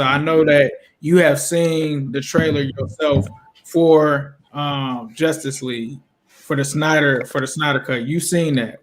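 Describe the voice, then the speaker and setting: Slightly high-voiced man hosting casual chat. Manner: animated, says bro a lot. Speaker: host. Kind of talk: casual live-stream chat.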